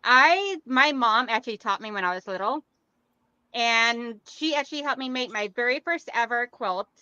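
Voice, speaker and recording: A woman's voice: on the high side, animated, moderate pace, sharp tone, clear, resonant tone, no room sound, lo-fi sound. A woman guest on a casual livestream, talking chattily and laughing easily. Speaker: guest sewist.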